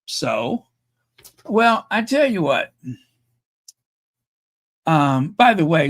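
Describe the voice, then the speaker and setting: A man's voice: on the high side, very animated, slow, pauses often, a bit bright. A man hosting a live stream, reading royal news reports and viewer comments, then adding sarcastic, chatty asides with fillers. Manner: chatty, with fillers and self-corrections. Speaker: YouTube royal news host.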